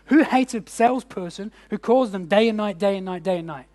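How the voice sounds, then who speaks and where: Guy coaching a room full of business owners, high-ish voice, joking around, asking the crowd stuff, bit of mains hum. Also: animated, quick pace, hardly any pauses. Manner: casual, jokey, asks the room questions. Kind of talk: workshop presentation to a live audience. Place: indoor event room.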